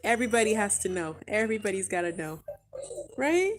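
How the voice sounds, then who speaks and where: A tired mother chatting casually on her vlog while soothing her baby, talking to him in a gentle sing-song way. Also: mid-range voice, sing-song, fairly quick. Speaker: mother vlogger.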